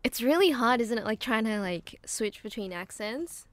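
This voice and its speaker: A woman's voice: on the high side, expressive, moderate pace. A woman with an Australian accent, a voice actress guest on a podcast, friendly, giggly and modest. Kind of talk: casual podcast chat.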